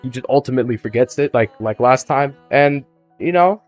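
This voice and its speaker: A young man casually retelling a movie plot for a student project, joking, swearing freely and jumping up in pitch when he gets excited. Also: a little fast, dry recording, faint music behind. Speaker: student presenter.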